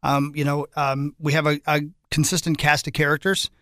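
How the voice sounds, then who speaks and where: A man co-hosting a radio show, chatting casually and quick to agree with the others. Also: fairly high pitch, flat delivery, fairly bright tone, no echo, clean studio sound.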